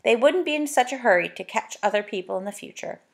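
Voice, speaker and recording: A woman reading a children's storybook aloud, gentle and chatty, with little asides to the listener. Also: a little high, lively intonation, fast, gravelly. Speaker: narrator.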